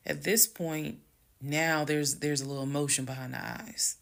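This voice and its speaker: Gravelly woman telling a story. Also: deep voice, normal speed. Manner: chatty, frank, drops to a calm hush when retelling talk. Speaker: storytime creator. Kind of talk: casual storytime monologue.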